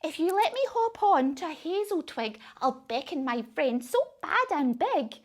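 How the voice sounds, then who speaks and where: A woman doing a squeaky, cheeky little mouse. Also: big pitch swings, measured pace. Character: tiny clever boastful mouse.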